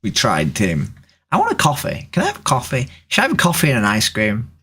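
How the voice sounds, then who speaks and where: Husky trans woman host, bouncy pitch, teasing strangers on a video chat. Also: fast talker. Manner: teasing, joking, animated. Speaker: livestream host chatting with strangers. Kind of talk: casual chat. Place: home room, seated at camera.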